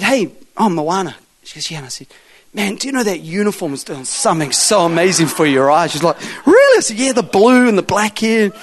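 A man preaching a sermon, telling a testimony story and acting out the dialogue before building to forceful exhortation. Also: on the high side.

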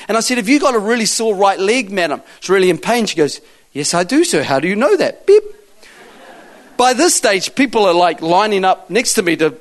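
A man preaching and telling lively stories, acting out both sides of conversations with loud bursts. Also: high voice. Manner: animated storyteller acting out dialogue, loud bursts. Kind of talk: sermon storytelling.

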